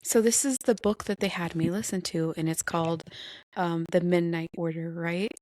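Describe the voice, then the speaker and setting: A woman hosts a podcast and tells stories in an animated, gushing way. Her voice sits a bit low and sounds dry and close. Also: moderate pace, no echo. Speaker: podcast host. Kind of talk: casual chat.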